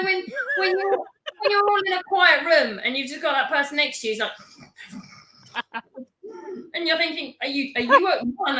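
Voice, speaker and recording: A woman's voice: sits high, pushed and bright. A woman chatting casually as co-host, laughing often and poking fun at herself. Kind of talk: casual chat. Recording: echoey room.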